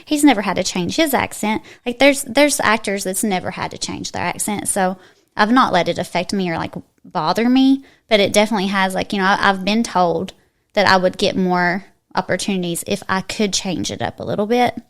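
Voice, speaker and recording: Kentucky twang lady, chatty podcast guest, lots of restarts, medium pitch. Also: fairly quick. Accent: eastern Kentucky twang. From eastern Kentucky. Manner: chatty, emphatic, frequent restarts. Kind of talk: casual interview chat.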